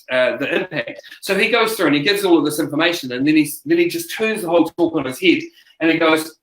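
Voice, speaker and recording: Kiwi guy, speaker coach type, animated yarn-spinner, bit higher voice, echoey room. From New Zealand. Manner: animated storyteller, acts out quotes, many restarts. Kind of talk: casual interview chat. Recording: roomy echo.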